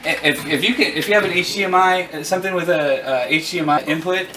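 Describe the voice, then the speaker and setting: A man's voice: fairly high pitch, fast, far from the mic, low-quality recording. A man in his forties casually chatting as host, showing off his collection at home, enthusiastic and rambling with self-deprecating asides. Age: 40s. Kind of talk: casual chat. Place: home room with arcade cabinets.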